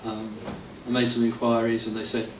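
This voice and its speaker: With a completely flat delivery at a moderate pace, this mid-range male voice belongs to a middle-aged devotee telling stories at a temple anniversary. He wanders through self-mocking anecdotes for the audience and chuckles frequently. A far-off hall mic captures the temple hall roomily, with faint hiss.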